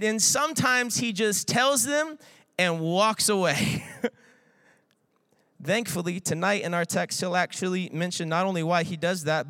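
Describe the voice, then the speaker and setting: High bright-voiced young male preacher. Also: clean tone, no echo. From Iowa, US. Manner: playful, lots of filler words, acts out quoted voices. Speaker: guest preacher. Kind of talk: energetic casual sermon.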